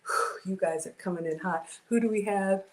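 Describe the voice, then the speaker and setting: A woman's voice: mid-range voice, fairly even intonation, moderate pace. A woman in her forties hosting a casual home cooking livestream from her kitchen, chatty and greeting viewers by name.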